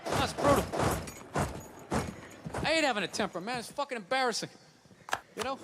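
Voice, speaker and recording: A man's voice: very high voice, lively intonation, normal speed, pauses often. A man doing a stand-up comedy routine, swearing a lot and acting out heated arguments in different voices. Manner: profane, ranting, acts out arguments. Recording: loud background noise.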